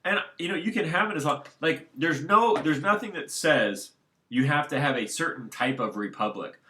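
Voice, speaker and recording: A man's voice: a little high, expressive, normal speed, sharp tone, slight background noise. A man talking alone at home in a casual, unscripted monologue, rambling and circling back to his points. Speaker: solo commentator.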